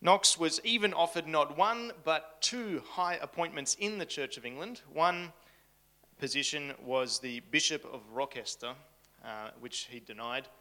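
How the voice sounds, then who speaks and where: Bright, chatty male camp speaker. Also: a little high, unhurried. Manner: casual, chatty, joking asides. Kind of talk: storytelling history talk to a live audience. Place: room with an audience.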